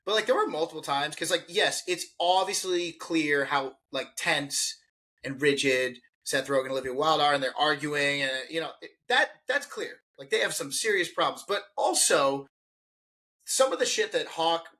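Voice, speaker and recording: A man with a fairly high, bright, forceful voice lays out his take on a film point by point. The tone is casual, with laughter now and then. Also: moderate pace. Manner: argumentative, counts off points, laughs. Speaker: podcast co-host.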